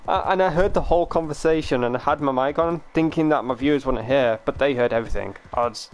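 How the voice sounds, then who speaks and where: A man's voice: mid-range voice, brisk, few pauses. A young British man with a British accent, chatting casually and rambling on a game stream, swearing now and then and laughing often. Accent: British English.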